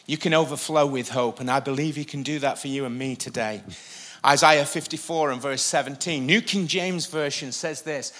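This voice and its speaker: A pastor delivering a sermon from a church stage, preaching with animated emphasis and occasional jokes. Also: male voice, mid-range voice, moderate pace.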